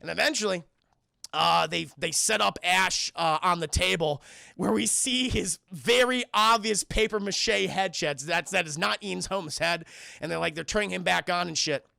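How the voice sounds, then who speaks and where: A man streaming a film review, retelling scenes in an animated, profane rush and talking to his chat. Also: sits high, moderate pace, vocal fry, no echo, clean studio sound. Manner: keeps addressing the chat.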